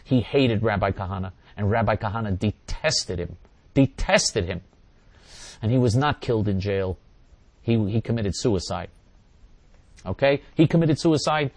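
A man's voice: fairly low pitch, expressive, unhurried, pauses often, no echo. An older man hosting a talk radio show, answering listeners in an emphatic, repetitive monologue. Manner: emphatic and repetitive, hammering points again and again.

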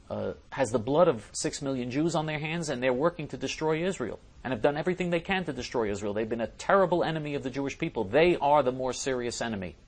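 A man hosting a talk show, reading listener messages aloud and answering them in an emphatic way, often repeating and restarting his phrases. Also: medium pitch. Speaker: host.

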